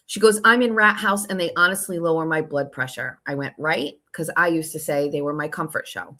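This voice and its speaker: A woman's voice: fairly low pitch, steady tone, moderate pace, few pauses, pushed and bright. A woman hosting her own show, telling a long story in a casual, sarcastic and profane way while reading out text messages. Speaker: show host.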